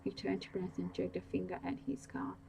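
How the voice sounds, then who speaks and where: Lady whispering a bedtime story real slow and hushed, kinda low and flat. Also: vocal fry, noisy background. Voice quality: soft whispery delivery. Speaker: audiobook reader.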